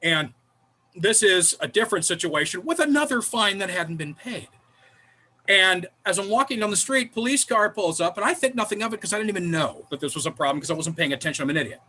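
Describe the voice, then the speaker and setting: A man with a very high, bright voice spins his comic anecdotes with lively energy. He jumps in and out of the voices of the people in his story, playing up each twist for laughs. His tone stays bright and quick throughout. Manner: lively, acts out other people's lines. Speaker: improv troupe member telling stories.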